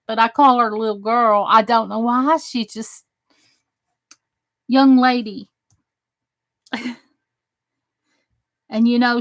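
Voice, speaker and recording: Woman from New Jersey, higher voice, slow easygoing delivery, crafting-stream host who chats with viewers by name. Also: no room sound. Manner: chatty, greets viewers by name. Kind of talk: casual livestream chat while crafting.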